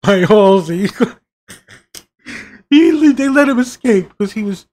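A man's voice: high-pitched, lively intonation, slow pace, darkish tone. A man giving a profane, exasperated review of a TV season, swearing constantly and mocking the characters' lines. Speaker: show reviewer.

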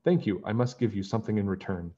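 A man's voice: lowish voice, fast, mellow, highs cut off, close to an everyday voice. A man voicing a polite, refined young princess who speaks graciously in a storybook.

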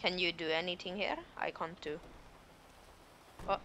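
A man's voice: high voice, level tone, a little slow, sharp tone, slight background noise. A man streaming a role-play game as a garbage collector, playful, trying on accents in slightly broken English. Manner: playful, switches between put-on accents. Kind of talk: casual role-play chat while gaming.

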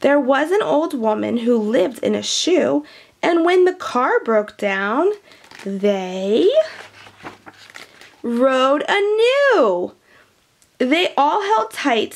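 Woman, high voice, unhurried, slight vocal fry, gentle storytime reading, chatty and teacherly. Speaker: children's storyteller. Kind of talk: reading a picture book aloud to kids.

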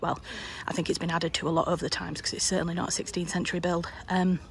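A woman with a Yorkshire accent, chatting enthusiastically to her handheld camera on a day trip and dropping to a hush indoors. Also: fairly low pitch, little pitch movement, fast, vocal fry. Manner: chatty and enthusiastic, hushed in the museum. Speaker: vlogger. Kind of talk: casual chat to camera. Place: historic house and grounds on a day trip.

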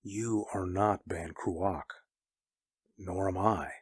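A man's voice: deep voice, fairly even intonation, extremely slow, husky, no echo, studio quality, exaggerated voice. A man voicing a grim, weary wandering mercenary, speaking in a grave and somber way in an audio drama.

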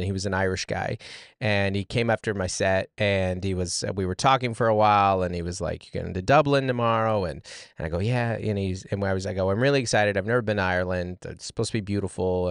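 A man's voice: low-pitched, fairly quick, clear, resonant tone, no room sound, clean studio sound. A man in his thirties hosting a podcast, telling stories in a rambling way with many restarts and asides. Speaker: podcast host. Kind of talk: casual chat.

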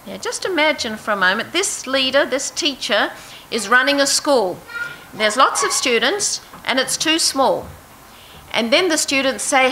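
A woman's voice: sits high, animated, unhurried, sharp tone, slight background noise, low-quality recording. A woman teaching a Bible passage to a group, reading verses aloud and asking her listeners questions. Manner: asks the audience questions, reads verses aloud. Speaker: preacher.

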